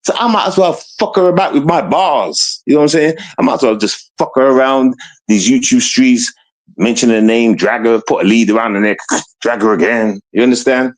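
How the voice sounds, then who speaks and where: A British man ranting on a livestream, mocking and confrontational, jumping from raised outbursts to low mutters. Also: a little fast. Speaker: streamer.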